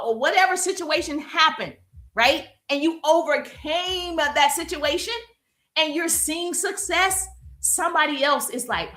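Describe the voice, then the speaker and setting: A bright, high-pitched woman coach talks energetically in an echoey room at home, likely on her phone. She is emphatic and keeps checking in with "okay?" and "right?". She is warm and perspiring from exercise. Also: normal speed. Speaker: business coach. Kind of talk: live-streamed coaching talk.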